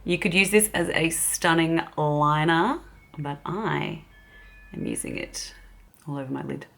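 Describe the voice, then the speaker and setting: A woman's voice: sits low, big pitch swings, unhurried, creaky, a bit bright, faint music behind. An Australian woman chatting casually as a beauty vlogger while doing her makeup, giggling often. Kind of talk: casual get-ready-with-me chat.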